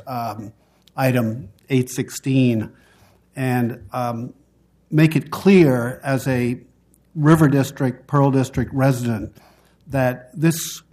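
Speaking with a mid-range voice, a man delivers formal public testimony before a city council hearing, deliberate and measured, with pauses between phrases.

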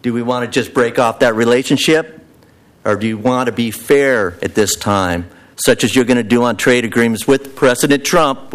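A man's voice: mid-range voice, clean tone. Earnest man firing rhetorical questions. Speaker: public commenter at a city council meeting. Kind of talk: public testimony.

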